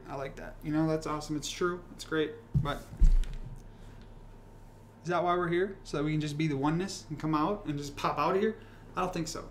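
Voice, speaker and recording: A man's voice: on the high side, a little hiss or hum. A young man hosting a casual livestream, rambling and swearing as he rants and reads comments. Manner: rambling, profane, animated ranting. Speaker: livestream host.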